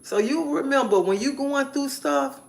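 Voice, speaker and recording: A woman's voice: high-pitched, normal speed, gravelly. A woman live streamer giving an emphatic personal testimony, repeating phrases in a preacherly way.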